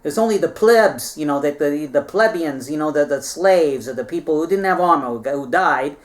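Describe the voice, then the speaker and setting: In a fairly high, expressive voice at normal speed, a man rambles through a casual history retelling. He meanders chattily, tossing in playful asides and regularly checking in with his listeners by asking "all right?"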